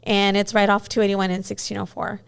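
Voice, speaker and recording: A woman's voice: mid-range voice, level tone, a little fast, creaky, smooth. A woman in her forties, a guest in a casual interview, telling stories in a chatty way with many "you know"s.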